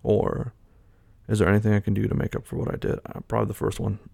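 A man with a low, heavily gravelly and husky voice, thinking aloud in a loose, hesitant way full of fillers. The sound is dry and close, with no room around it. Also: fairly even intonation, fast, a little mellow, dry recording. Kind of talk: casual talk, taking an online quiz aloud.

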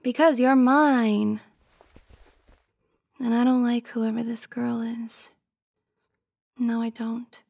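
Young woman doing a possessive girlfriend role-play; higher voice, pouty and teasing, dry close sound. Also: little pitch movement, slow, creaky, pauses often, dry recording, full character voice. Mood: jealous. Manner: pouty, teasing, drifting into soft whispers.

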